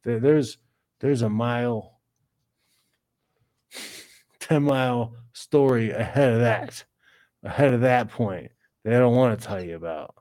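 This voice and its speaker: Livestream host, male, slow-talking and blunt, mellow low-key tone, rants and swears casually. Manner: blunt, ranting, swears freely. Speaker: livestream host reading chat. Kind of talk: casual ranting livestream talk.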